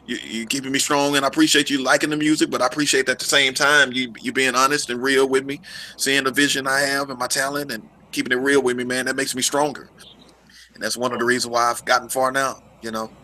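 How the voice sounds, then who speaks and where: A man's voice: medium pitch, little pitch movement, quick pace, pushed and bright, slight background noise, poor audio. A man guesting on a live radio interview, earnest and grateful, dropping "man" at the end of his lines. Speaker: musician guest.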